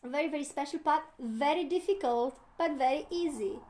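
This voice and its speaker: A woman's voice: high-pitched, a little fast, darkish tone. A woman, a spiritual teacher, giving an earnest satsang talk, often laughing and acting out inner voices.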